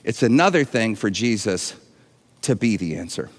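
Earnest pastor, long hall echo. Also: male voice, on the low side, very animated, normal speed. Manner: emotional, earnest, with frequent repeats and restarts. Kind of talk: livestreamed sermon.

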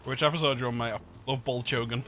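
A young man gaming with friends, playful and prone to silly noises and shouting. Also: medium pitch, fairly even intonation, fast talker. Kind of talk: casual gaming banter.

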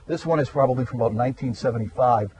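A man who is a meteorologist rambles through a casual explanatory chat in a garden, hesitating with lots of "uhs." He talks very fast at a medium pitch, with a darkish tone and a breathy edge. The audio is poor, though there's no echo.

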